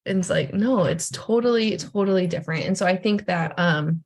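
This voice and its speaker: A woman's voice: lowish voice, normal speed, darkish tone. A woman and mother, a guest on a podcast, speaking candidly and reflectively with frequent restarts. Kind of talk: casual podcast conversation.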